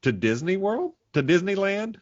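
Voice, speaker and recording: A man's voice: high voice, moderate pace, no echo. Easygoing man on a muffled podcast. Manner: relaxed, agreeable, short replies. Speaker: podcast co-host. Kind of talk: casual movie review chat. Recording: dull lo-fi audio.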